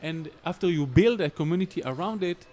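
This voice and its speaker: A man with a slightly raised pitch speaks in a firm, instructive way. A faint background hum sits under his voice as he lays out advice on a podcast panel. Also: animated, a little fast, a little mellow. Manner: instructive, emphatic. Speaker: SEO panelist. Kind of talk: casual podcast discussion.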